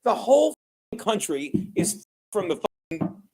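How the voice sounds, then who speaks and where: A man's voice: sits high, very animated, normal speed, vocal fry, darkish tone. A man hosting a livestream, talking heatedly in casual chat, swearing and apologizing for cutting in. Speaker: livestream host.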